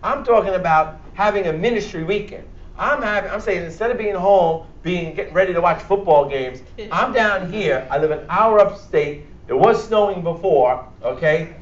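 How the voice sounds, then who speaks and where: Bronx-accented doctor, slightly high voice, blunt and joking, recorded far off in an echoey hall. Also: male voice, normal speed. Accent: Bronx New York. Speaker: doctor leading a church health workshop. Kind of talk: lively workshop talk to a church audience. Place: church hall, speaking to a live audience. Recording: echoey hall, distant and dull.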